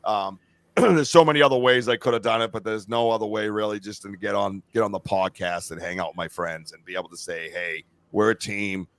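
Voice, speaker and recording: Here a middle-aged man runs a live-stream podcast, chatting enthusiastically, profanely and with plenty of rambling. His lowish voice moves fairly quickly, with no room sound on the remote call.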